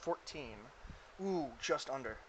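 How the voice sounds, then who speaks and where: A man's voice: a little high, expressive, takes it slowly, a little hiss or hum, rough recording. A man running a tabletop game as game master, rambling and stumbling over his words with giggles.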